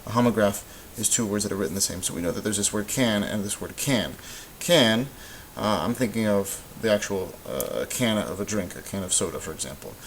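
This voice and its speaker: Low-voiced man explaining grammar. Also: brisk, few pauses, poor audio. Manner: relaxed explaining with many ums and uhs. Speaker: Spanish teacher. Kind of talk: recorded lesson voice-over. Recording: faint hiss.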